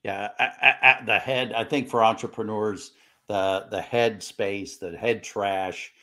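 A man's voice: fairly low pitch, fairly even intonation, unhurried, bright, forceful tone. Host: an older man, chatty, restarts his questions as he goes. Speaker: podcast host. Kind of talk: casual podcast interview.

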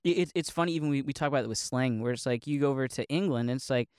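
A man's voice: mid-range voice, racing, a little mellow, clear, resonant tone, no echo, studio quality. Rambling, laughing man. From Northeast Ohio. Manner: rambling, laughs often, many likes and restarts. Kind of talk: casual monologue.

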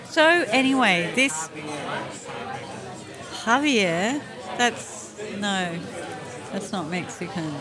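A woman's voice: medium pitch, animated, extremely slow, long pauses, music in the background. A woman co-hosting a podcast in casual chat from a brewery taproom. She is chatty, trails off and gropes for words. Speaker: podcast co-host. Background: crowd chatter.

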